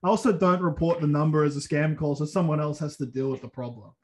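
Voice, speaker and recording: A man's voice: on the high side, fairly even intonation, fast. Young man, profane and self-mocking. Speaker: podcast host. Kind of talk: casual podcast chat.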